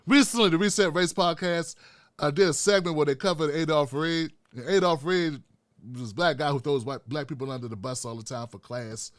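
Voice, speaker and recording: A man's voice: on the high side, brisk, no echo, clean studio sound. A man hosting his own show, delivering a heated political commentary rant full of constant swearing. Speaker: host.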